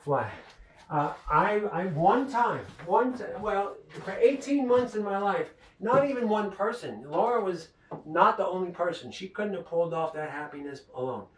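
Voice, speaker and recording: A man's voice: high-pitched, animated, moderate pace. A man in a rambling solo monologue, profane, who keeps stopping to ask himself why.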